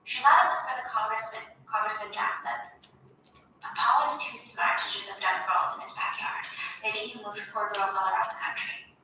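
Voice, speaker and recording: Woman streamer, casual movie recap, bright voice, roomy echo. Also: mid-range voice, moderate pace, recorded from a distance, a little hiss or hum. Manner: animated, swearing, with "okay?" asides.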